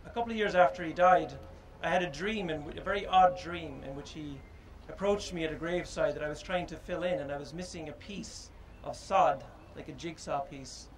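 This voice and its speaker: A man speaking at an unveiling, his voice sitting a little high. He talks informally and thoughtfully, pausing often and filling gaps with ums as he goes. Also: a little hiss or hum, rough recording. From Ireland. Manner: halting and reflective, with many pauses and fillers. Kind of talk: informal public speech.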